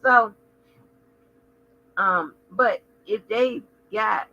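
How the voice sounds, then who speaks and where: A woman hosting a casual livestream, chatting with viewers in a sassy, profane way full of animated asides. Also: mid-range voice, normal speed, dull audio. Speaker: channel host.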